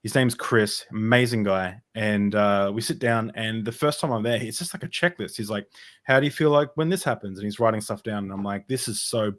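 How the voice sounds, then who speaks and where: A man's voice: fairly low pitch, brisk, a bit bright. A young man in an interview, telling a personal story in a rambling way, with many fillers and restarts. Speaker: podcast guest.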